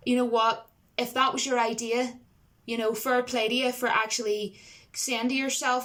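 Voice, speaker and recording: A woman's voice: on the high side, fairly even intonation, normal speed, fairly bright tone. A woman giving a casual, rambling film review to camera. She talks emphatically and uses a lot of fillers.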